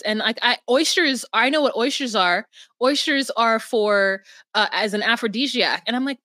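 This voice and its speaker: Bright-voiced animated woman, dry sound. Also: fairly high pitch, moderate pace, no echo. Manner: animated, swears freely, laughs often. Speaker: podcast co-host. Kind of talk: casual chat recapping reality TV.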